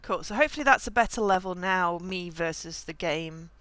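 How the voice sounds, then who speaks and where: A woman's voice: lowish voice, a little fast, a bit bright, dry recording. A woman streaming a video game from home, chatting casually and making wry remarks at the screen through a desk mic. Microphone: desk mic, levels uneven.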